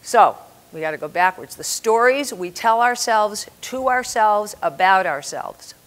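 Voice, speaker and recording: In a mid-range voice and at a measured pace, a woman in her seventies spins stories during a talk about writing. She's animated, laughing at her own yarns and acting out each person who appears in them.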